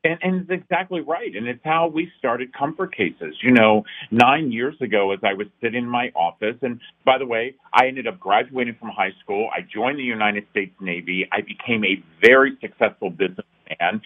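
A middle-aged man who founded a nonprofit tells his story in an interview, earnest and emphatic, building to rousing peaks. His medium-pitched voice runs at normal speed with hardly any pauses. The line sounds tinny, like a phone.

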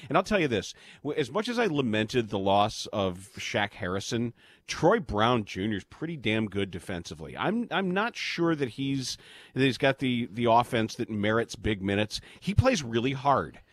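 A man's voice: medium pitch, big pitch swings, normal speed, no room sound, clean studio sound. A man hosting a sports talk show, chatting casually with bursts of mock outrage. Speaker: sports radio host.

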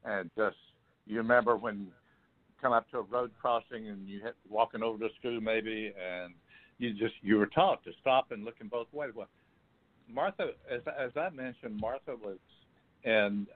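An older man, an author, recounting a long personal story in an interview, halting and restarting often. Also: fairly low pitch. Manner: halting, with many restarts and fillers. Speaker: author and guest. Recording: phone line.

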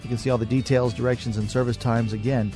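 Guy doing the radio show outro read, soft guitar playing behind. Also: mid-range voice, flat delivery, quick pace. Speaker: radio program announcer. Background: soft guitar music.

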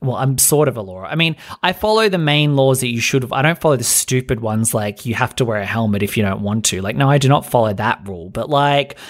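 A man's voice: medium pitch, animated, fairly quick, few pauses. A young man hosting a podcast, telling a story as a casual rant, chatty and exasperated, full of fillers and swearing. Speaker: podcast host.

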